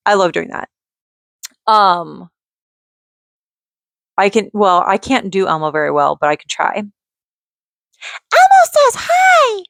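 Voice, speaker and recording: A woman vlogging in a casual, rambling way, chatty and quick to giggle as she drifts off on tangents. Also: on the low side, vocal fry, fairly bright tone, no room sound, clean studio sound. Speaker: vlogger and mother.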